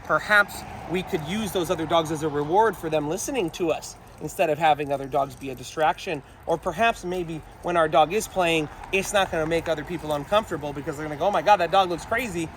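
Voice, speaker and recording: A man's voice: fairly high pitch, fast, few pauses, fairly bright tone, slight background noise. A man working as a dog trainer, giving an outdoor training talk to camera and encouraging viewers he keeps calling folks. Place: outdoors in a town.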